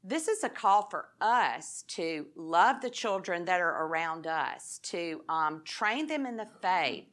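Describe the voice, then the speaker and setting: Woman, sermon, earnest, bright forceful tone, reads scripture, rhetorical questions. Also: fairly low pitch, very animated, takes it slowly, few pauses. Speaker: Bible teacher. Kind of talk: expository sermon.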